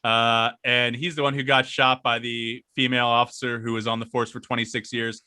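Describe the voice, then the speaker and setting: Laughing, rambling podcast man, bright voice. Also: medium pitch, little pitch movement, brisk, smooth. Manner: rambling storyteller, laughs often, swears. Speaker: podcast co-host. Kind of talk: casual podcast banter.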